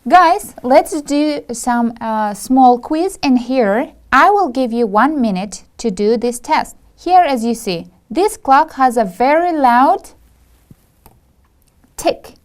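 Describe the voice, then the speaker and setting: A woman from Kyrgyzstan gives a recorded English lesson. She reads word lists aloud in a slightly high voice and keeps an unhurried, measured pace. Her careful delivery gives the students time to follow along. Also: lively intonation. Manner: slow, deliberate listing of words to students. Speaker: English teacher. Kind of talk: classroom video lesson.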